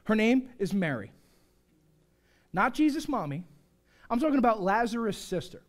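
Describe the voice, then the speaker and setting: A male pastor delivering a joking, animated sermon, swinging from shouts to hushed asides. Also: high-pitched, moderate pace. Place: church sanctuary.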